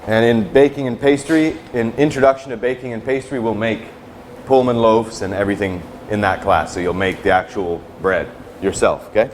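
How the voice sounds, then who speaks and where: In a teaching kitchen, a culinary instructor with a lowish male voice runs a cooking class, demonstrating as he goes at a normal speed. He talks casually and tags most sentences with "right?" or "okay?", and a little hiss or hum sits under the recording.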